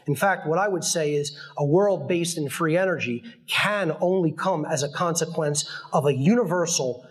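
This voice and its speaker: A man's voice: fairly high pitch, slightly rough. A man delivering an earnest, emphatic lecture at a conference event. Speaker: speaker.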